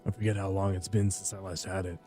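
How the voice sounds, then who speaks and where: A man's voice: flat delivery, quick pace, soft background music, lightly acted. A man voicing a grim, weary adult warrior hero who speaks curtly and dryly. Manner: low, quiet, dry and curt.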